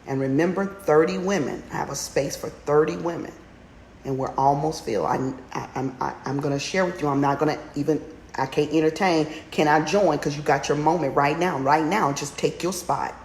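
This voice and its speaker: A woman with a slightly low voice coaches listeners through a women's challenge, driving home her points with fiery repetition. She climbs into near-shouts as she urges them on. The sound is roomy and echoey, with a faint hum of background noise. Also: steady tone, a little fast. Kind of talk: motivational livestream talk.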